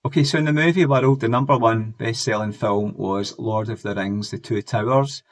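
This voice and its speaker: A man's voice: mid-range voice, normal speed. A man, chatting in a rambling, enthusiastic way as he looks back on old TV shows and films for his vlog. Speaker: music and pop culture vlogger. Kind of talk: casual nostalgic retrospective.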